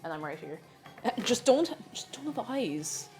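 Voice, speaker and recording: Young woman, casual cooking stream chat, playful, lively up-and-down pitch, faint music behind. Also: moderate pace. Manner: chatty, playful, reads chat aloud while cooking.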